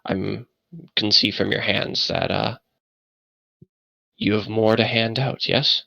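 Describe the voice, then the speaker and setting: A man's voice: fairly low pitch, fairly even intonation, slow, gravelly, sharp tone, no room sound, heavily acted, rough recording. A man voicing a nervous, stammering elf man who peeks from behind a door. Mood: earnest. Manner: stammering, hesitant.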